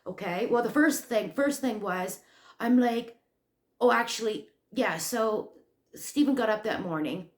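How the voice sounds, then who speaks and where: A woman hosting a crochet channel, telling a story in a rambling, animated way with lots of fillers and restarts. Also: fairly high pitch, measured pace. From Canada. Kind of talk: casual storytelling vlog. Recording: echoey room.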